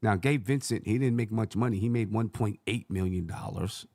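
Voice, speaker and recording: A man's voice: lowish voice, normal speed, dark tone, dry recording, studio quality. A man hosting a sports channel, rambling through casual basketball commentary and correcting himself as he thinks aloud.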